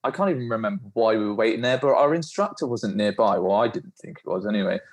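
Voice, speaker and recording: A man, a podcast guest, telling animated, informal stories from his own experience. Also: lowish voice, fast. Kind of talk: storytelling in a podcast interview.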